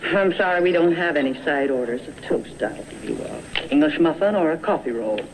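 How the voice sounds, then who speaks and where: Actor as a stiff, by-the-rules server, high voice, hissy film audio. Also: male voice, expressive, brisk, close to an everyday voice. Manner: curt and rule-bound. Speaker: restaurant server in a film scene. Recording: old film clip with hiss.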